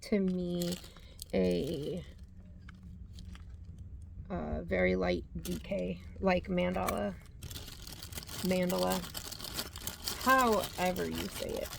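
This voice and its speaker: A woman's voice: on the low side, slow, vocal fry, long pauses, background noise. A woman hosting a yarn vlog, chatting casually as she reads out yarn labels and corrects herself as she goes. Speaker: yarn channel host. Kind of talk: casual show-and-tell vlog.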